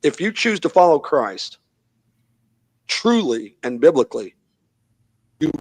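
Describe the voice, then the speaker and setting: Emphatic man preaching on a talk show. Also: medium pitch. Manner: emphatic, declarative, addresses the audience directly.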